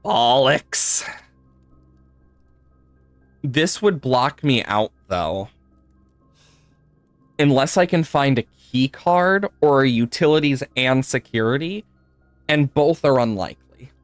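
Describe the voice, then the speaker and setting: Lively chatty man streaming a game. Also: medium pitch, takes it slowly, long pauses, no room sound, soft background music. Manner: chatty, laughs often, swears, talks to chat. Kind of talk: live gameplay commentary.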